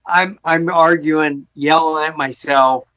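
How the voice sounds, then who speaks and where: A man chats casually as a voice actor guest, rambling and poking fun at himself. His voice sits a bit high. The sound is dull and lo-fi. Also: fairly even intonation, takes it slowly, bright, forceful tone. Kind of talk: casual interview chat.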